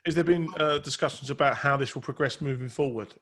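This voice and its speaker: A man's voice: medium pitch, fast, fairly bright tone. A man asking curious questions in a casual podcast chat.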